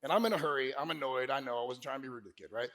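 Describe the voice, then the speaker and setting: A man giving a lively motivational sales keynote to a live conference crowd, telling stories and pushing the audience to shout answers back. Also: mid-range voice, very fast. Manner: energetic, crowd call-and-response; folksy, peppered with "right?". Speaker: sales speaker.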